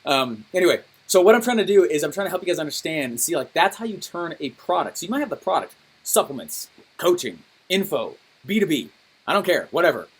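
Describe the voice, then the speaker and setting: Upbeat, high-voiced male coach. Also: fast, husky. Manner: animated and enthusiastic, often checking in with "okay?". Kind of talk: energetic coaching call with storytelling.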